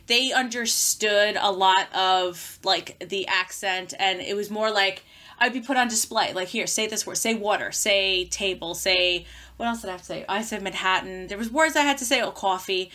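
A woman from Queens with a strong Queens New York accent, a podcast guest telling stories in casual chat with an animated, laughing manner. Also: medium pitch, normal speed. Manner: animated, storytelling, laughing easily.

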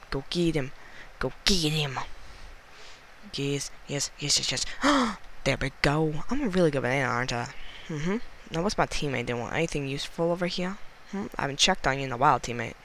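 A man with a slightly high voice narrating his gameplay in a goofy, excitable way. He chatters at himself and the other players as he goes, and a faint hiss sits under his voice. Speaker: gaming channel host. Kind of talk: casual gameplay commentary.

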